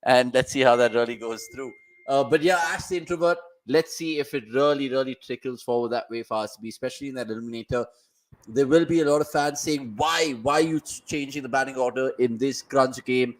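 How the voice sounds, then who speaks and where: Man, casual watchalong host on a video call, mid-pitched, breezy banter, reads the chat. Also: steady tone, poor audio. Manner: upbeat, rapid banter, reads viewer comments aloud. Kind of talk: casual cricket commentary and chat-reading. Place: home, remote video call.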